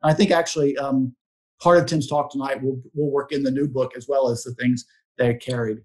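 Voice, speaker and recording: A man's voice: mid-range voice, fairly even intonation, brisk. Man introducing a speaker. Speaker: moderator. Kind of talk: event introduction. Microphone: video call.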